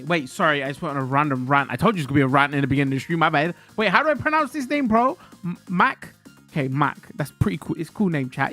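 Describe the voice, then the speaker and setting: A man's voice: a little high, pushed and bright. A man streaming games, chatting and ranting loosely to his viewers with frank swearing. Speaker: game streamer. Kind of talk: casual live-stream chat.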